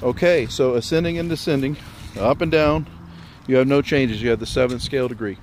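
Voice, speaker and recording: A man's voice: mid-range voice, a little fast, slight background noise. Slightly breathless man teaching music theory outdoors. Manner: explains step by step, rambling and relaxed. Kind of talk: casual spoken theory lesson.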